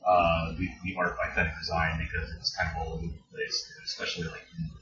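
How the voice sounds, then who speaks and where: A man's voice: deep voice, monotone, quick pace. A man co-hosting a casual podcast chat, laid-back, laughing often and swearing casually. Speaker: podcast co-host. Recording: roomy, dull, noisy home podcast recording.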